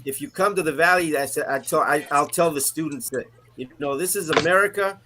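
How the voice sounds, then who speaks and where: A man's voice: a little high, a little fast, background noise. A man, a retired soldier turned teacher, telling good-humored stories on a video call with many fillers. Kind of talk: casual video-call chat.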